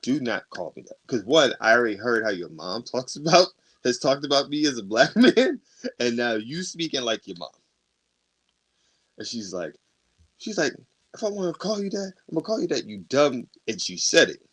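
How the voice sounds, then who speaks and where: Animated man telling a story on a podcast. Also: medium pitch, normal speed, slightly rough. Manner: animated storyteller, acts out quoted arguments, laughs often. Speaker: podcast co-host. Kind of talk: casual storytelling chat.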